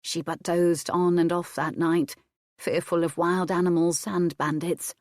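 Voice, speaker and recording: A woman narrates a historical romance in a measured, steady reading. Her voice sits low, and the recording is dry with no room sound. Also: no echo. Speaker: audiobook narrator. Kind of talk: scripted narration.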